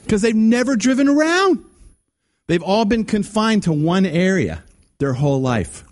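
A man preaching a sermon, telling a story in an animated, emphatic way with frequent restarts. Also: a little high, fairly quick.

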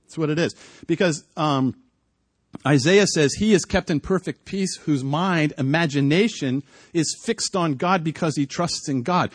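Husky middle-aged man preaching. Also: fairly high pitch, a little slow, no room sound. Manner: storytelling, swings from hushed to loud. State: coughing, clearing throat. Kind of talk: sermon with personal story. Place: outdoors.

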